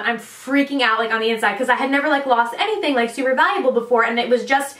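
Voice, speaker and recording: A woman's voice: a little high, fast talker, fairly bright tone. A young adult woman chatting through a storytime vlog, with lots of casual fillers. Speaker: vlogger. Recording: echoey room, distant mic.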